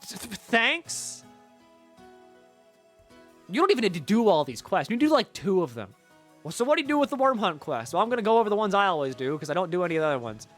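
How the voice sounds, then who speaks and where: A young man streaming a game, retelling its story with animated, sarcastic and profane commentary. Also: high voice, very fast, soft background music. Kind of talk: casual gameplay commentary.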